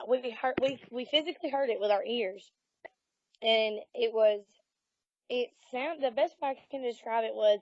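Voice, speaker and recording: A woman's voice: fairly high pitch, no echo. Southern woman telling a ghost story. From Alabama. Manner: animated storyteller, acts out quotes. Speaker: paranormal investigator guest. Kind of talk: casual storytelling interview. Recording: dull lo-fi audio.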